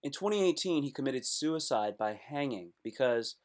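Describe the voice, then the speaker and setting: A man's voice: medium pitch, animated, moderate pace. A man hosting a casual live stream, reacting aloud to web posts in a loose, slangy way.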